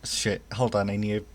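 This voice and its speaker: A man playing a tabletop game online, chatting casually and rambling with quick jokes. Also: fairly low pitch, slight background noise. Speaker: tabletop player. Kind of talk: casual in-character game chat.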